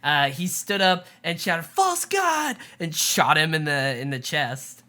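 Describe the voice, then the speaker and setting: A woman co-hosting a casual TV recap chat, retelling scenes with lively quoted asides. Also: deep voice, unhurried. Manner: chatty, animated retelling with quoted asides and laughs. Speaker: podcast co-host.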